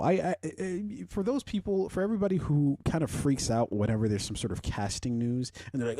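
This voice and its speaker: A young man hosting a podcast, chatting casually and rambling, swearing often and swinging into loud, animated rants. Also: on the high side, a little fast, few pauses, no room sound, clean studio sound. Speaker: podcast host. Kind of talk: casual pop-culture chat.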